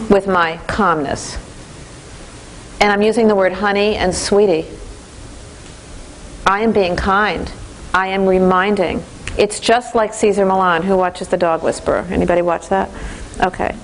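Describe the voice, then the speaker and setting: A woman's voice: on the low side, slight background noise, poor audio. A woman giving a parenting training lecture to a class, telling stories and acting out voices. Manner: lively storytelling, acts out voices.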